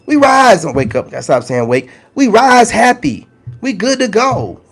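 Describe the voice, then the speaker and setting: A man talking casually and directly to his viewers, animated and teasing, with big swings in his voice. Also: high-pitched, unhurried, breathy edge. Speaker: spiritual content creator. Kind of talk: casual direct-to-camera talk.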